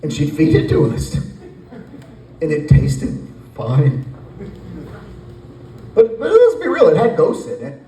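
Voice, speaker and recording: A man in his forties doing a stand-up comedy set, telling a rambling story with animated acted voices. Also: very high voice, fairly quick, a little hiss or hum. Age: 40s. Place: brewery stage with live audience. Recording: roomy echo, from a distance.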